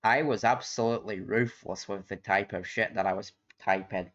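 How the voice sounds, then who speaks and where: A man's voice: fairly low pitch, fairly even intonation, normal speed, fairly bright tone. Rambling, swearing young-sounding man on stream. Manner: rambling, laughs a lot, swears casually. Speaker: livestream host. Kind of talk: casual live-stream chat. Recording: dull lo-fi stream audio.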